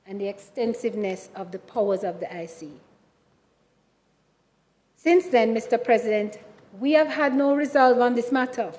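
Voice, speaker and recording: A Jamaican woman with a fairly high voice delivers a formal parliamentary speech, measured and emphatic. She keeps turning to address the chair. The sound carries the long reverb of a large senate chamber. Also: darkish tone.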